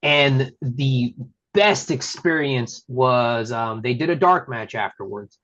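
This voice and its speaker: A man from Texas, a wrestling referee and podcast guest, telling stories in a casual interview and acting out quotes in a high voice. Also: slow pace. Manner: excitable storyteller who acts out quotes in a high voice. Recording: slightly muffled lo-fi audio.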